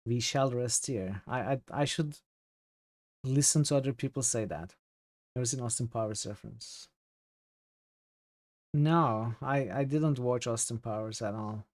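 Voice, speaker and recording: A man's voice: mid-range voice, a little mellow, dry recording. Turkish-accented guy streaming a game, native turkish, lots of ums, reads chat, dry close sound. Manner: thinking aloud, reading chat, halting with fillers. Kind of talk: casual gameplay commentary.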